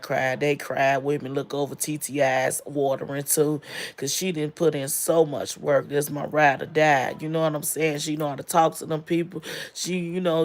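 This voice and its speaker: A woman in her forties telling a personal story in a casual, emotional way, with many fillers, close to tears. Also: low voice. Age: 40s.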